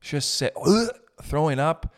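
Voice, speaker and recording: A young man telling comic stories in a loose, profane rant, riffing with quick asides. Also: on the high side, little pitch movement, clean tone. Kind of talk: comedic storytelling rant.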